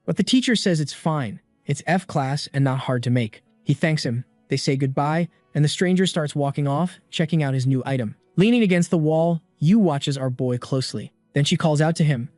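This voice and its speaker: A man narrating a comic story recap in a casual, brisk storytelling manner. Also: fairly high pitch, darkish tone, no echo. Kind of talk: scripted narration. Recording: dry close voice-over with faint music.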